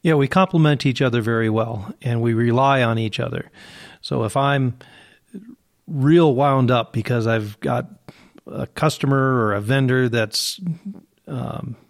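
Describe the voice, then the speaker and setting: A man's voice: mid-range voice, measured pace. A man speaking as a guest in an interview. He explains his points earnestly and at length, in a thoughtful way. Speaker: guest, sales partner. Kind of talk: casual interview talk.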